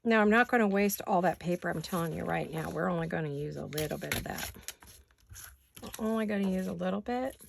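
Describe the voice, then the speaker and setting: A woman craft vlogger in her home studio, her voice raspy from allergies, chatting casually and self-deprecatingly to viewers while she works. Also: on the low side, quick pace, slight background noise.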